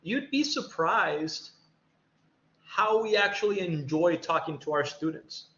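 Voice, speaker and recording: A middle-aged man with a high voice talks to students over a video call. He sounds conversational and encouraging and acts out little exchanges between teacher and student. The audio is roomy and echoey, with a muffled, dull tone. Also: animated, slow pace, sharp tone. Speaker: college faculty member. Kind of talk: virtual panel talk to students.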